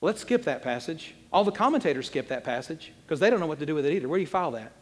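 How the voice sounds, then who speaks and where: Animated preacher in a reverberant hall. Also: male voice, a little high, rapid-fire. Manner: animated, swings between loud emphasis and quiet asides. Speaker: pastor. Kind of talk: sermon. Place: church sanctuary.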